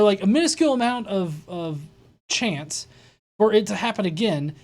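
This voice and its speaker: A woman hosts a live reaction show, delivering mocking commentary that is sarcastic, incredulous, and peppered with swearing. Her mid-range voice has a slightly mellow quality.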